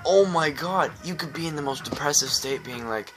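A man's voice: mid-range voice, expressive, moderate pace, hardly any pauses. A young man rambling into his webcam, worn out from lack of sleep, hyper and goofy, slipping into silly voices. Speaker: gaming YouTuber. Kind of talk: rambling casual vlog talk. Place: indoors at home, at night into dawn. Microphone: webcam close to the face. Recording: music playing behind.

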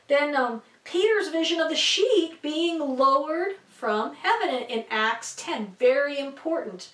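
Rambling female Bible teacher, high voice, distant mic in a reverberant room. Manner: rambling, chatty, many fillers and asides. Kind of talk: casual teaching to camera.

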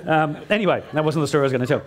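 A man's voice: fairly high pitch, some chatter behind. Joking man telling stories on stage. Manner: joking, self-mocking, quick asides. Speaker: motivational speaker. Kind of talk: humorous keynote storytelling. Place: stage before a live audience.

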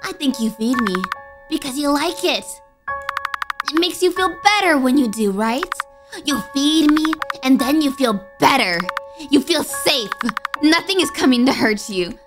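A woman voicing a child's sinister monster double, speaking in a low, measured, taunting way as she reads a game's dialogue. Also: lively intonation, music in the background. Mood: accusing.

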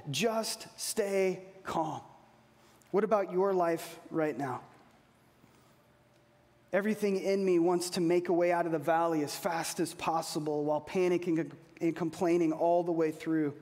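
A man preaching a sermon as pastor, earnest, slowing down to repeat key phrases. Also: high voice. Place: church hall. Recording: long reverb of a large hall.

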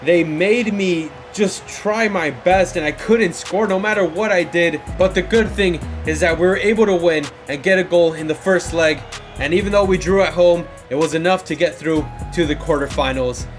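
Excitable young man commenting on gameplay. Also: sits high, normal speed, soft background music. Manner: excitable, shouting at big moments, frustrated outbursts. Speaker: gaming YouTuber.

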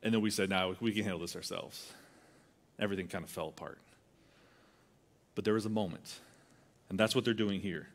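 A man's voice: low-pitched, steady tone, fairly quick, long pauses. A man preaching a sermon in a conversational way, acting out quoted voices as he tells the story. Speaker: pastor.

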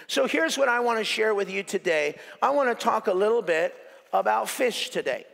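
A male pastor preaching a sermon in an animated, joking way, repeating phrases for emphasis. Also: high voice, normal speed, creaky. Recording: echoey hall reverb.

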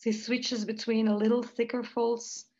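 A woman's voice: on the high side, flat delivery, unhurried, warm tone. Woman, Belgian accent, voice teacher, analytical, thoughtful, video call, slightly dull audio. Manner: thoughtful, analytical, light laughs between points. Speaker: jazz voice teacher and researcher. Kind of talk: online interview, analyzing singing technique.

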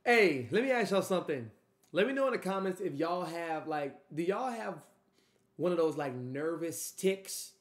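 Dude reacting to a track, kinda high voice, echoey room, rambly and cussing. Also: male voice, normal speed, faint music behind. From Louisiana. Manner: animated, loose and profane, trails off and restarts. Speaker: music reaction host. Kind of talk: casual reaction commentary.

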